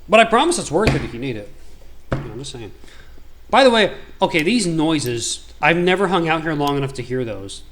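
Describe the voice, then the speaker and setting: A man hosting a gaming video, telling a long story in a rambling, animated, slangy way. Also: a little high, brisk, a little hiss or hum. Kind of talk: casual storytelling while gaming.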